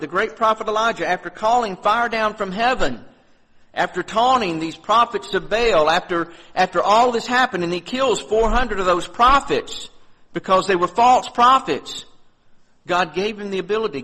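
A male pastor delivers a sermon with a slightly raised voice. He talks earnestly and conversationally, lifting his voice when he reads scripture and dropping to a softer tone when he reflects. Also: sits high, rough recording. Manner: earnest preaching, rising on scripture readings, dropping soft on reflections.

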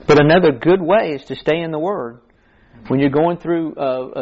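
A man's voice: fairly high pitch, muffled recording. A man preaching a sermon in an earnest, conversational way, quoting scripture as he goes.

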